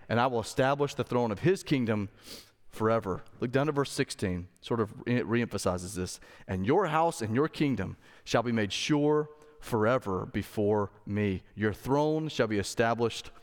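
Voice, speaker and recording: Pastor guy preaching, chatty, lots of rhetorical questions, longish reverb from the church. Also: a little high. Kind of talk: sermon. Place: church sanctuary. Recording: long reverb of a hall.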